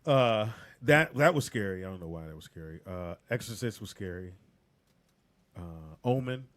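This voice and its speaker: A man hosting a casual comedy podcast, telling stories with loud laughter and acted-out screams. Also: lowish voice, moderate pace. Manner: animated storyteller, shrieks and laughs while acting out scenes. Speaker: podcast host.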